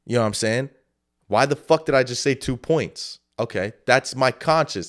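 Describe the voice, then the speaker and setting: A man's voice: mid-range voice, moderate pace, fairly bright tone. A man hosting a solo podcast, giving loose, rambling motivational talk full of swearing and fillers. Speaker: podcast host. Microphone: camera setup.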